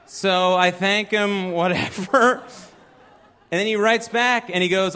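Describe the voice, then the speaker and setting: A man's voice: high voice, steady tone, slow, pushed and bright, smooth. A man doing a stand-up set, telling a story in a self-deprecating, conversational way on a live club stage. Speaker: stand-up comedian.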